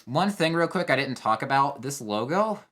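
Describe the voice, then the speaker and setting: A man's voice: mid-range voice, expressive, moderate pace, fairly bright tone. A young man talking casually over a game trailer, thinking aloud with fillers and restarts. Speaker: competitive player reacting to a trailer. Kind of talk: casual video commentary.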